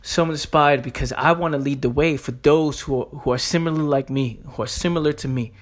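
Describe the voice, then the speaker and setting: New guy going off on his podcast, slangy and intense, kinda high voice. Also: fairly quick. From New York. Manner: emphatic, street slang, repeats phrases. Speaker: podcast host. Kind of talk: motivational podcast monologue.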